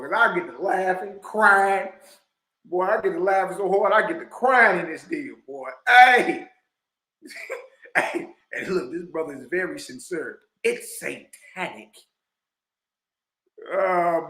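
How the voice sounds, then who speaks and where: A man hosting a reaction video, talking loudly and excitedly, laughing often and dropping preacher-style asides. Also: sits high, unhurried, reverberant. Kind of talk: animated commentary reacting to a clip.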